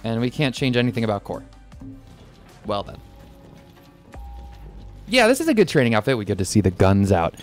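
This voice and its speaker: A man streaming a video game, chatting in animated, jokey and rambling commentary into a desk microphone. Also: medium pitch, moderate pace, pauses often. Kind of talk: let's play commentary. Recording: game music behind.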